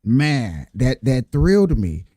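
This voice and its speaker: A man casually telling a story to his viewers, animated and repetitive, often addressing them directly as y'all. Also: medium pitch, takes it slowly, dry recording, studio quality. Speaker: vlogger telling a work story.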